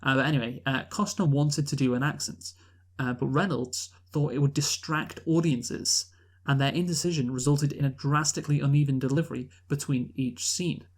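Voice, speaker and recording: A man casually reviewing a film on a podcast, talking in an animated, exasperated way with lots of restarts and laughs. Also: medium pitch, normal speed. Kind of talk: casual conversational movie review.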